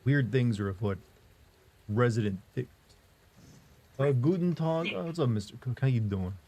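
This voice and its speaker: A man's voice: medium pitch, animated, moderate pace, warm tone. A young man streaming live, chatting loosely and reading comments aloud, joking around with sore arms. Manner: rambling, jokey, reads chat aloud. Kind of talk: casual live-stream chat.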